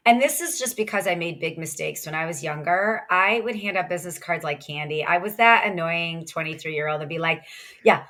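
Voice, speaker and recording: A woman in her thirties from Ohio, a sales expert and author, speaking as a guest in a casual, energetic podcast chat. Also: lowish voice. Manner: energetic, quick, chatty with laughs.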